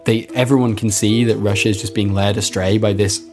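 A man with a fairly low voice tells a historical story in a relaxed, joking way. A little background music sits faintly under his voice. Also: fairly quick. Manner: laid-back, laughs along, retells events with put-on quotes. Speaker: podcast co-host telling a history story. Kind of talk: casual storytelling chat.

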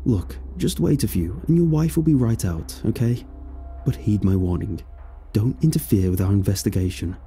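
A man's voice: lowish voice, animated, moderate pace, dark tone, faint music behind. A man narrating a story, voicing a blunt police officer who firmly warns a retired detective. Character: blunt male police officer, firm and curt.

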